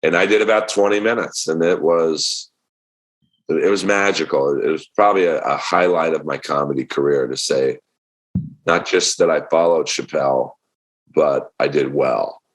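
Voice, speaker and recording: Very deep-voiced man telling stories. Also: moderate pace. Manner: animated storyteller acting out quotes. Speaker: comedian guest. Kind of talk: casual podcast storytelling.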